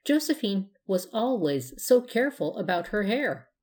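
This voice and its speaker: A woman narrating a children's storybook aloud. Her reading is gentle and measured. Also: mid-range voice, big pitch swings.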